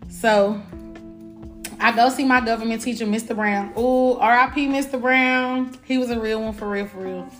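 A woman's voice: fairly high pitch, steady tone, moderate pace, fairly bright tone, faint music behind. A woman, telling a frank, profane storytime. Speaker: vlogger. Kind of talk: casual storytime.

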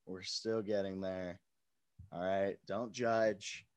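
A man's voice: sits low, level tone, slow, darkish tone, clean tone, dry recording. A young man hosting a casual live stream from his home studio, laid-back, laughing often and swearing freely. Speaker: podcast host.

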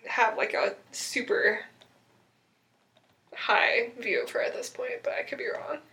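Chatty young woman with a bright voice. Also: on the high side, measured pace, a little hiss or hum. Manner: chatty, animated, acts out quotes with sarcasm. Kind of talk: casual podcast chat recapping a TV episode.

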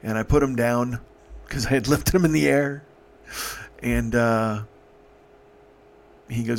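A man hosting a podcast, telling a personal story in an emotional, profane way, halting and restarting. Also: mid-range voice, fairly even intonation, vocal fry. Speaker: podcast host.

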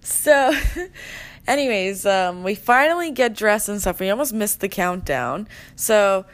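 Young woman, podcast host, chatty, dramatic, lots of filler words, casual swearing, mid-pitched voice. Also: animated, a little slow. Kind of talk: casual storytelling chat.

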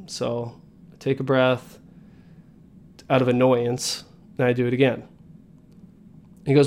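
A man's voice: mid-range voice, steady tone, measured pace, pauses often, a little mellow. A man in his thirties, a podcast host telling a story and coaching his listeners in an earnest motivational style. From United States.

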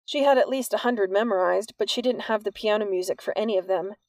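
Woman audiobook narrator, steady storytelling, gravelly voice, dry close recording. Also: medium pitch, fast talker, dry recording. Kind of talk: scripted narration.

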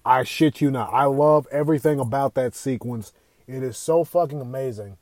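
A young man hosting a casual gaming podcast, talking in an excitable, profane, rambling way. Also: mid-range voice, moderate pace, no echo. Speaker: podcast host.

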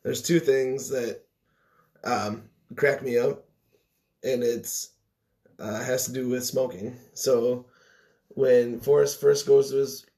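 A man co-hosts a relaxed podcast conversation. He talks in an easygoing, chatty way and pads his points with fillers. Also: mid-range voice, slow, pauses often. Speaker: podcast co-host. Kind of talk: casual chat.

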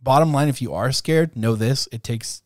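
A man's voice: mid-range voice, moderate pace, a little mellow, no room sound, studio quality. A man co-hosting a casual podcast, talking in a laid-back, self-deprecating way and laughing often. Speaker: podcast co-host.

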